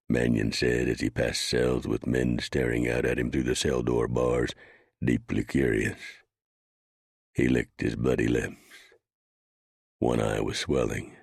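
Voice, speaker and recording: A man reading a western audiobook in measured scripted narration. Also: rumbling low, gravelly, breathy edge, no room sound, studio quality.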